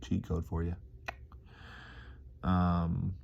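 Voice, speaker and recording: A man's voice: low voice, completely flat delivery, very slow, gravelly, a little mellow, lo-fi sound, slight background noise. A man vlogging in a rambling, laid-back, slangy casual monologue with life advice.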